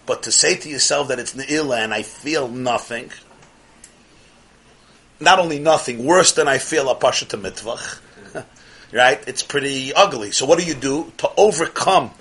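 A man gives a passionate Chassidic lecture in a husky, bright voice that sits a little high for a man. He swings between loud outbursts and near-whispers and drops Yiddish and Hebrew terms into his English. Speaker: Torah teacher.

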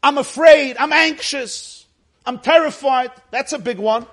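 A man teaching a spiritual lecture to an audience, animated and emphatic, asking many rhetorical questions. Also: very high voice, unhurried. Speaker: religious teacher.

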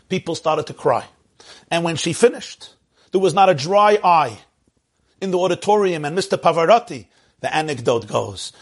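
A man teaching a sermon-style lecture as a rabbi, impassioned and building through repeated phrases. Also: on the high side.

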